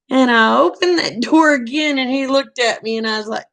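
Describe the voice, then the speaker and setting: A middle-aged woman, telling a folksy story in a casual, animated way and acting out the quoted dialogue. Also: high voice, slow pace, creaky, pauses often. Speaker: vlogger telling stories.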